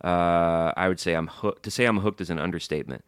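A man's voice: deep voice, smooth, no room sound, studio quality. A man co-hosting a casual podcast, reading listener emails with jokey asides. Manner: animated, jokey, quick asides. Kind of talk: casual chat.

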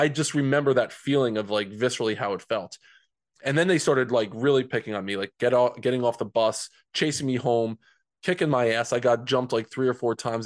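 A man's voice: mid-range voice, dry recording. New jersey guy telling a story on a podcast, earnest, talky, repeats himself a bit, mid voice, dead dry room. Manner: earnest, conversational, repeats words as he goes. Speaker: guest, men's coach. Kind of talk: personal storytelling in a podcast interview.

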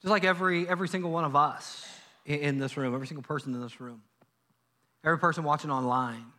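A male pastor preaching a sermon in a church, telling a Bible story in a lively way and acting out the characters' lines. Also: fairly high pitch, fast talker. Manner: animated storytelling, acts out biblical dialogue. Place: church sanctuary.

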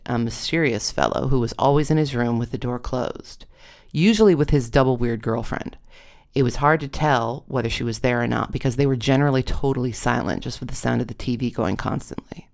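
Wry storyteller, gravelly voice, mid pitch, dry humorous asides, first-person story.

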